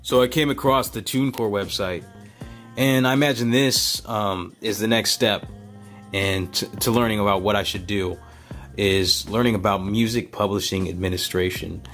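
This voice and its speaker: Low-voiced man vlogging, thinking aloud. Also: steady tone, moderate pace, fairly bright tone, soft background music. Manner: earnest, hesitant with many fillers. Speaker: vlogger, beat maker. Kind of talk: casual vlog talk, thinking aloud.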